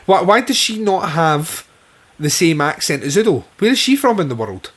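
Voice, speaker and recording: A man's voice: fairly high pitch, big pitch swings, moderate pace, fairly bright tone, breathy edge. A man co-hosting a podcast, chatting casually and enthusiastically about a horror film, swearing freely. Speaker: podcast co-host. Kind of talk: casual film review chat.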